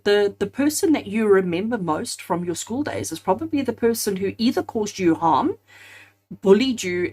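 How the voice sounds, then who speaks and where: Husky-voiced woman giving a tarot reading. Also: mid-range voice, darkish tone. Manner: earnest, repeats phrases in emphatic lists; addresses viewers directly as friends. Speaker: tarot card reader. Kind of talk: spoken tarot reading to camera.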